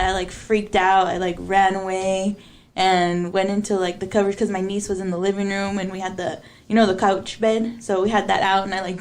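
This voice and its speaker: A young woman co-hosting a podcast, telling a story in a casual, animated way with lots of fillers and laughter. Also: mid-range voice. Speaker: podcast co-host.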